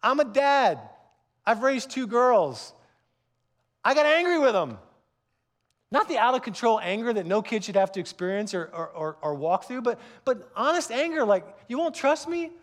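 A man's voice: high voice, animated, moderate pace. A man in his fifties, a pastor giving a conversational, earnest sermon with frequent restarts.

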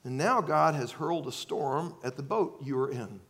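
A man preaching a sermon, swinging between loud acted-out outbursts and quiet, earnest asides. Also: a little high, expressive, moderate pace. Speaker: pastor.

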